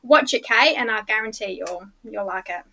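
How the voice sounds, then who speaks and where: A woman's voice: fairly high pitch, normal speed, pushed and bright, low-quality recording. A woman with an Australian accent, chatting casually as a podcast guest and laughing through her stories. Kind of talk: casual chat.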